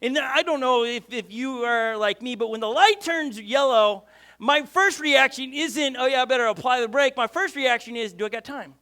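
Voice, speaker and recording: A middle-aged man preaching a sermon as a pastor, an animated storyteller who keeps checking in with "okay?" and "right?". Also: very high-pitched, normal speed.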